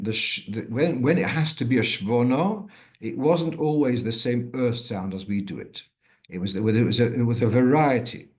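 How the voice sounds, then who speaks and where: An older man, a rabbi, teaching a weekly Torah class in a measured, unscripted way, often pausing and restarting as he thinks aloud. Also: mid-range voice.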